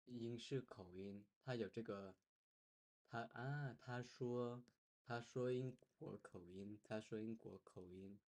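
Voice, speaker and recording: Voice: medium pitch, slow, darkish tone. A viewer reacting to a language video, repeating the sounds aloud and making casual remarks.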